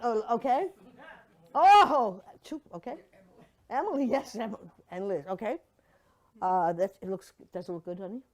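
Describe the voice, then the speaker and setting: Speaking to a church audience during a memorial slideshow reflection, an older woman tells stories casually and playfully. Her mid-range voice has lively intonation and a moderate pace with long pauses, and she breaks into mocking put-on voices.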